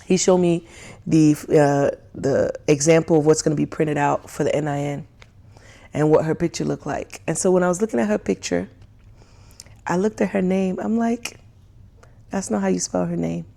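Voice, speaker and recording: A woman's voice: low-pitched, moderate pace, creaky. A young woman telling a frustrated story in a casual rant, often laughing and acting out what people said. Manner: animated, laughs often, acts out quoted dialogue. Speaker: vlogger.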